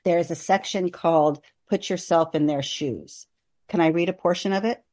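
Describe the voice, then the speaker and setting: A woman hospice nurse speaking as a podcast guest, earnest and measured, partly reading aloud from her own book. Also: fairly low pitch, mellow. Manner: earnest and measured, reads with long list-like pauses.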